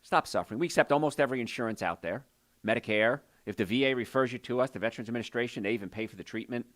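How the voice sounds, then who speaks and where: A man hosting a call-in health show as a doctor, talking in an energetic, folksy, salesy way. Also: mid-range voice, racing. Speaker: radio show host and doctor. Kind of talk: call-in health radio talk.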